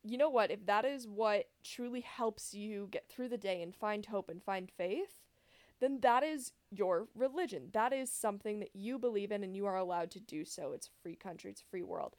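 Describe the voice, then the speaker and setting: A woman's voice: medium pitch, moderate pace, darkish tone, no room sound. A woman co-hosting a podcast in casual chat, rambling with lots of fillers and self-corrections. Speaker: podcast co-host.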